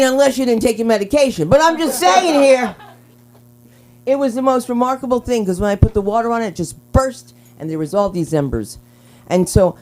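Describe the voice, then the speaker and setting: A woman's voice: lowish voice, slight background noise. A woman hosting an open mic on a small comedy club stage, telling rambling stand-up stories in a brash voice into a handheld mic. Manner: brash, rambling, swings into loud character voices.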